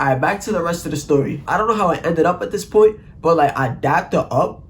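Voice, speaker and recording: A man's voice: on the high side, fast talker, a little hiss or hum. Slangy young man telling a story. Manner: animated, profane, slang-heavy, constant "like" and "bro". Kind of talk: casual storytime vlog.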